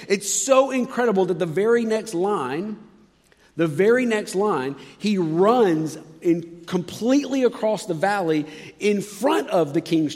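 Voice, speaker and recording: A pastor with a slightly higher voice preaches a sermon, telling the story dramatically and swinging from loud, excited bursts down to soft, hushed lines. A long reverb trails his voice, like in a large church hall.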